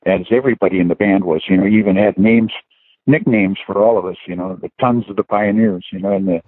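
Chatty male guest reminiscing, low-pitched, heard over a tinny phone line. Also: quick pace, no echo. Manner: rambling anecdotes with chuckles and "you know" fillers. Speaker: guest musician. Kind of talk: casual storytelling interview.

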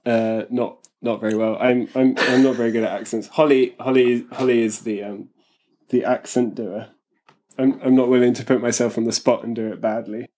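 A man talks as a podcast guest in a self-deprecating, halting way, tripping over his words and starting sentences again. His pitch sits in the ordinary middle range for a man. He sounds like a poet relaxing into casual conversation. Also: flat delivery, darkish tone. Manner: self-deprecating, stumbling restarts.

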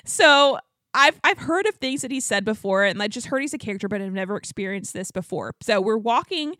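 A woman co-hosting a podcast, telling a story in a fast, animated way with lots of filler words. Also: medium pitch, dry recording. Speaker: podcast co-host. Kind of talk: casual storytelling chat.

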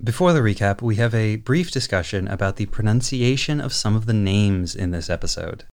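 A man's voice: lowish voice, animated, brisk, soft background music. A man co-hosting a casual podcast discussion, with wry, dry humor. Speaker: podcast co-host.

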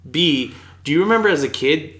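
A man's voice: fairly high pitch, animated, a little fast, fairly bright tone. A man co-hosting a casual podcast chat, teasing his co-host in a playful way and laughing easily.

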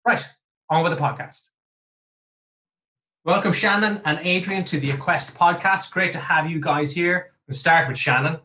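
A man's voice: on the high side, normal speed, sharp tone. A man hosting a podcast, chatty and self-deprecating as he introduces his guests. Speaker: podcast host. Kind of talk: casual podcast chat.

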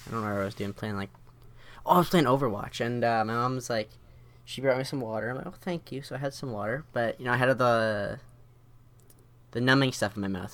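A young man in casual chat, rambling through a story with many hesitations. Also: mid-range voice. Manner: rambling, hesitant, full of fillers.

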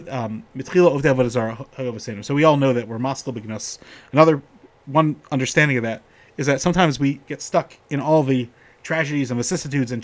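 A middle-aged man gives a casual Torah talk full of stories. His pitch sits in an ordinary middle range, and he rises and gets livelier when he acts out what the characters said. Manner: storytelling, animated when quoting characters. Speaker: rabbi giving a Torah talk.

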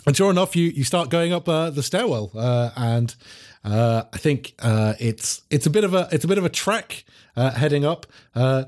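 A man running a tabletop game, stumbling through fillers and breaking into laughs. His voice ranges widely and sits a bit high. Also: expressive, darkish tone. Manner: halting, filler-heavy, laughs often. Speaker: game master.

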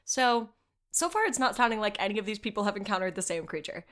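A woman's voice: mid-range voice, fast, a bit bright. A woman co-hosting a casual podcast, reading old accounts aloud and breaking off into laughing, swearing asides. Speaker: podcast co-host.

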